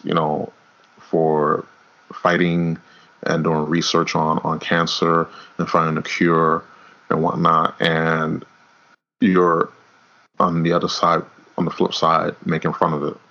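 A man's voice: low voice, little pitch movement, slow, long pauses, pushed and bright. A man co-hosting a casual wrestling podcast, rambling, repeating words and swearing as he goes. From New York. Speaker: podcast co-host. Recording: dull lo-fi audio.

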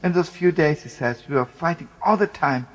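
A man telling a wartime story, swinging from loud outbursts to hushed speech, with Yiddish and Hebrew words. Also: a little high, expressive, a little fast, low-quality recording. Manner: emotional, shifts between loud exclamations and hushed speech.

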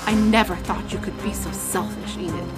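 A woman's voice: mid-range voice, moderate pace, over loud music, natural voice. A woman reading aloud as a stiff, bitter old grandmother who speaks coldly. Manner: cold, bitter, self-pitying. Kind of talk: dramatic read-aloud of a novel.

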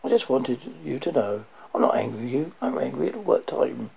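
Gravelly, husky male audiobook narrator. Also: mid-range voice, expressive, a little fast. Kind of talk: first-person audiobook narration. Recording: dull lo-fi recording.

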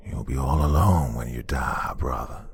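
A calm, eerie young man speaks in a quiet, raspy voice that sits very deep, as a male storyteller puts him on. His tone is cool and ominous. He never raises his voice. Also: normal speed, exaggerated voice. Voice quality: raspy whisper.

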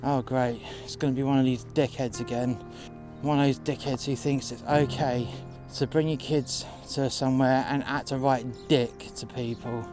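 A man's voice: mid-range voice, steady tone, moderate pace. A man telling a sweary, exasperated story about his job, recorded outdoors in the cold. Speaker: narrator telling a work story. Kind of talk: casual storytelling. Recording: music playing behind. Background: music.

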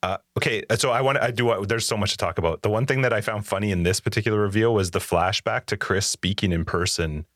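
Deep-voiced man, dry close mic. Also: fast, hardly any pauses, a bit bright, no room sound. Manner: rambling, restarts sentences often. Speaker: podcast co-host. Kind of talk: casual gaming chat.

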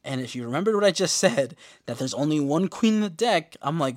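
A man hosting a podcast, giving a casual, profane episode recap and quoting characters in animated bursts. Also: on the high side, brisk, hardly any pauses, dry recording, clean studio sound. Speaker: podcast host.

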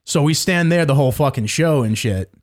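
A man's voice: a little high, lively intonation, fairly quick. A man in casual podcast chat, telling a rambling story and swearing often.

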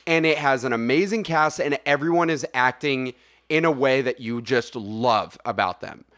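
A young man co-hosting a podcast, chatting casually about movies with lots of laughter and animated asides. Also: medium pitch, moderate pace. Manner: animated, laughs often, says dude. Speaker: podcast co-host. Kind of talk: casual movie review chat.

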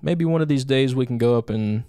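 Male podcast host, mid-pitched, stumbles and restarts as he tells stories. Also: brisk, warm tone, clear, resonant tone. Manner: stammering, self-restarting storyteller. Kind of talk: casual chat.

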